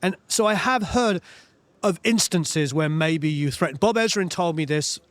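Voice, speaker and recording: A man, a music producer telling studio stories in an interview, animated and full of "you know" fillers. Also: a little high, normal speed, no room sound. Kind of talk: storytelling interview chat.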